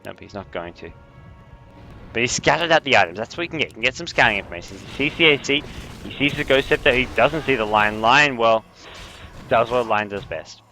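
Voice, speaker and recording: A young man casting a video game match on his own, with a slight French accent, explaining strategy calmly and getting excited on big plays. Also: mid-range voice, fairly quick, faint music behind. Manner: analytical, rising to excited bursts on big plays. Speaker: esports caster. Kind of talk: solo game commentary.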